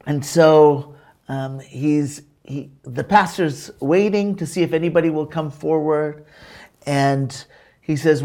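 A man preaching a sermon and telling a story, earnest and unhurried, with pauses, fillers and restarts. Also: on the high side, darkish tone. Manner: engages remote listeners to repeat words.

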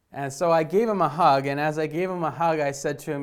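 A man's voice: fairly high pitch, fast talker, hardly any pauses, clean tone. Middle-aged male pastor preaching. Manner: storytelling, dynamic swings between emphatic and hushed. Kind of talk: sermon.

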